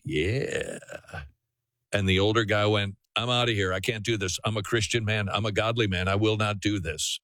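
A man's voice: fairly low pitch, fairly bright tone, no echo. A man hosting a call-in radio talk show, preaching earnestly and often restarting his sentences.

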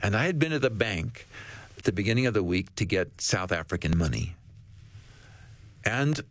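A man, a guest author on a faith talk show, telling a story in an animated way. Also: lowish voice, normal speed, no echo.

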